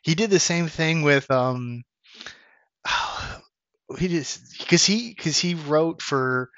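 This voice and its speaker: A man's voice: a little high, lively intonation, very slow, a bit bright, dry recording, muffled recording. A young adult man co-hosting a podcast, telling stories in a rambling way with laughter and acted-out quotes. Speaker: podcast co-host. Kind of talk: casual chat, anecdote telling.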